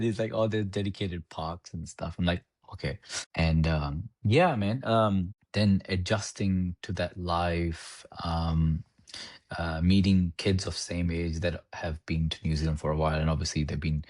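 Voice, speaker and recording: A man's voice: sits low, measured pace, no room sound, studio quality. A man from India, a podcast guest, telling a childhood story in casual chat, laughing often and acting out his own past lines.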